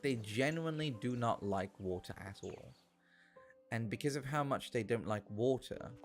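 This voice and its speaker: A man streaming a farming game, chatting casually, joking and rambling with sudden loud outbursts. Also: fairly low pitch. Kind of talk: casual gameplay livestream chat. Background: faint background music.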